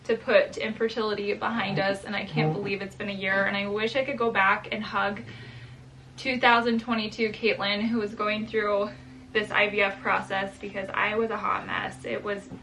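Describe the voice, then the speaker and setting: A woman's voice: medium pitch, little pitch movement, moderate pace, sharp tone, slight background noise, low-quality recording. A young woman and mother chatting casually in a home vlog, emotional and laughing at times. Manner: sing-song talk to her baby. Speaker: vlogger, mother.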